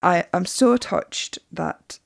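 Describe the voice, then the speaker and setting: A woman's voice: lowish voice, takes it slowly, gravelly, dry recording, studio quality. A woman hosting a podcast, talking in a chatty way with little laughs and fillers. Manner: warm chatty, laughs often, small fillers. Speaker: podcast host. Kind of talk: casual podcast monologue.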